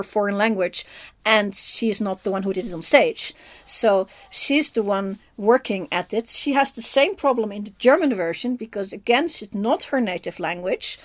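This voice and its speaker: A woman from the Netherlands with a Dutch accent, a film reviewer chatting casually as co-host, thinking aloud and laughing often. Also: medium pitch. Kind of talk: casual chat.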